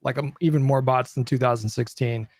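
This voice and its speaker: A man's voice: medium pitch, steady tone, fairly quick. A man co-hosting a casual political talk show who speaks loosely and conversationally. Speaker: podcast co-host.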